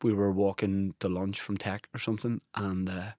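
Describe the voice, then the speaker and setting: A Northern Irish comedian telling self-deprecating stories in a relaxed podcast chat. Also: male voice, deep voice, normal speed, dry recording, clean studio sound. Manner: self-deprecating, laid-back storytelling. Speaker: comedian guest.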